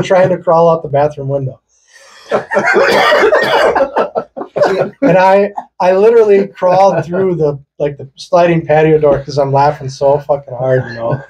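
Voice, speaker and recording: Telling stories casually with friends on a podcast, this co-host from rural Wisconsin has a husky, mellow voice on the high side. He is loose and profane, laughing his way through the tale.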